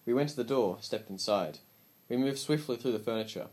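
A man reading a story aloud as an audiobook narrator, with calm, measured storytelling. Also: mid-range voice.

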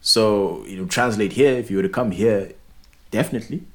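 A young man co-hosting a podcast, chatting in an animated, opinionated way with many restarts. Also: lowish voice, moderate pace. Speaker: podcast co-host. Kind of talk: casual podcast chat.

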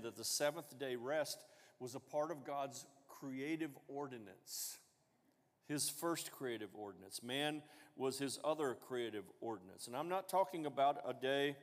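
A man's voice: medium pitch, in a large hall. A man preaching a sermon as pastor, talking conversationally and asking the congregation questions. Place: church sanctuary.

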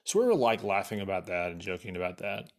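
Animated, swearing man telling a story. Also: deep voice, fast. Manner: profane, rambling with many "like" fillers; animated, exasperated retelling. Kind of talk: casual anecdote telling.

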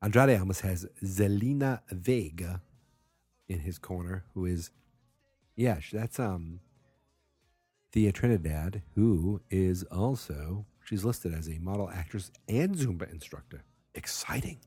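A man's voice: low voice, slow pace, warm tone, slightly rough, no echo, soft background music. A tired man hosting a casual podcast, rambling with self-mocking, sarcastic asides. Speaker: podcast host.

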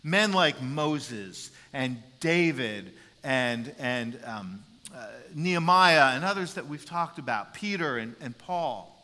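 A man preaching a sermon as a pastor, animated and repeating words as he builds his points. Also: medium pitch, slow pace, hardly any pauses. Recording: long reverb in a large hall.

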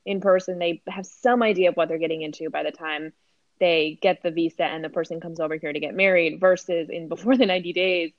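A young adult woman co-hosting a casual chat podcast, chatty and quick with asides, laughing often. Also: on the low side, fairly even intonation, no room sound, highs cut off. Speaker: podcast co-host.

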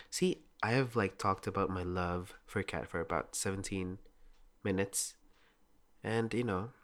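A man's voice: low voice, pushed and bright. A young man chatting casually and rambling, with lots of "like" and frequent laughter. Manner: rambling, heavy use of "like", laughs often.

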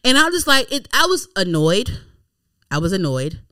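A woman, hosting a podcast and telling a story in casual chat, animated and exasperated. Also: medium pitch, normal speed, no room sound. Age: 30s. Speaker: podcast host.

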